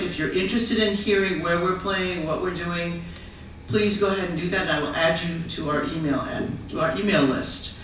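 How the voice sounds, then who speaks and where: A woman's voice: on the low side, a bit bright, slight background noise. A woman storyteller addressing an audience, making friendly, practical announcements. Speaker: storyteller and performer. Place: retirement residence common room. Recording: echoey room, mic far off.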